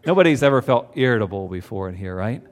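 A man's voice: mid-range voice, lively intonation, normal speed. A man preaching a sermon to a congregation, conversational, with rhetorical questions. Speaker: pastor. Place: church before a congregation.

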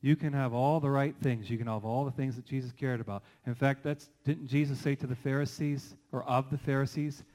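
In a roughly recorded sermon, a middle-aged male pastor preaches with lively, animated energy. His pitch sits in an ordinary middle range for a man, and he relies on rhetorical questions and quick asides.

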